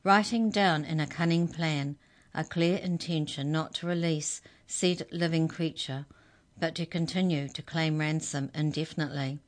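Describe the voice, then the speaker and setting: A woman's voice: deep voice, fairly even intonation, normal speed, close to an everyday voice. A woman voicing a stern female hex checker official, cross and commanding, in a children's storybook reading.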